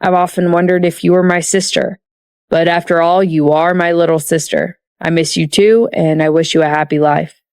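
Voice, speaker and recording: A woman voicing a cold rich husband who speaks curtly and slowly in an icy tone. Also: fairly low pitch, fairly even intonation, darkish tone, smooth, dry recording, studio quality, close to an everyday voice. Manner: curt, slow, icy.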